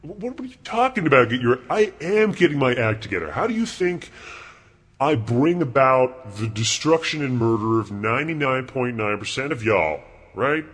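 A man playing a crude, contemptuous God in a comedy bit, talking in a profane, rambling, mocking way with a husky voice. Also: mid-range voice, lively intonation, normal speed, a bit bright. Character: crude arrogant male God, bored and contemptuous.

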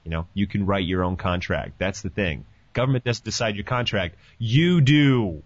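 A man hosting a podcast in casual chat, animated and profane, joking as he talks. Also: lowish voice, moderate pace, no room sound. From Canada. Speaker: podcast host. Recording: dull lo-fi dry sound.

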